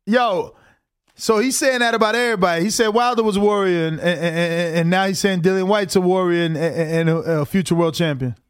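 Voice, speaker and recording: A man hosting a livestream, reacting to a fight with slangy, excitable commentary. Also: high-pitched, fairly quick, smooth. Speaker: livestream host. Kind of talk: casual live watch-along commentary.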